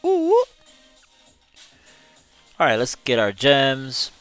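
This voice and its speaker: A man's voice: mid-range voice, slow, a bit bright, clear, resonant tone, dry recording, soft background music. A male gaming streamer giving live gameplay commentary in a chatty way, reading chat messages aloud and laughing often.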